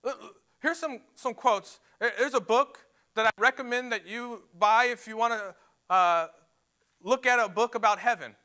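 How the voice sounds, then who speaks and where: A man's voice: very high voice, moderate pace, sharp tone. A man preaching a sermon to a church, emphatic and repeating words as he builds his points. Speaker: pastor. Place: church sanctuary.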